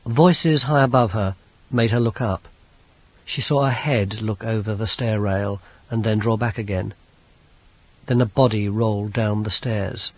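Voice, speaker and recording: A man reads an audiobook in a measured storytelling manner, his voice slightly husky. The sound is dry with no room around it and comes across dull and lo-fi. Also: fairly low pitch, fairly even intonation, no room sound. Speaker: audiobook narrator. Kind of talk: scripted narration.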